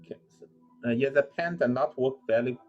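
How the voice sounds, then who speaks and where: Soft background music and lo-fi sound accompany a male university lecturer speaking at normal speed in a mid-range voice. He talks through a problem as he thinks, with frequent fillers, restarts and corrections.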